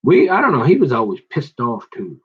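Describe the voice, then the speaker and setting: A man's voice: mid-range voice, huge pitch swings, a little fast, slightly rough, phone-quality sound. A man talking in a loose, slangy, rambling monologue that jumps from one story to the next and keeps restarting his sentences.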